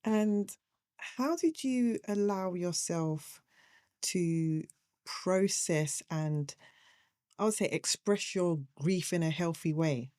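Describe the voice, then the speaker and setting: Female podcast host, mellow tone, dry sound, gentle measured questions. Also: fairly low pitch, no room sound. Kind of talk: interviewing a guest.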